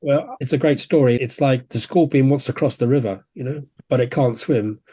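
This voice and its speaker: A man, a homeopath guest on a podcast, telling stories in a relaxed, anecdotal way and acting out quotes. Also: mid-range voice, normal speed, breathy edge. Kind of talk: conversational storytelling.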